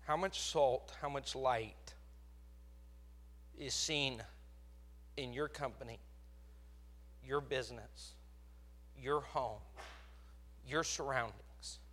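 A man's voice: medium pitch, slow pace, pauses often, fairly bright tone. A man with a Texas accent preaching a sermon, with emphatic surges in volume. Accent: Texan.

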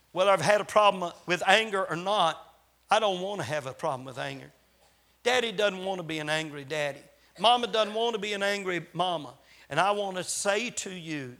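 A visiting male preacher delivers his sermon in a high, bright, ringing voice. He swings between loud, insistent appeals and soft, hushed asides. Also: gravelly. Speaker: traveling preacher.

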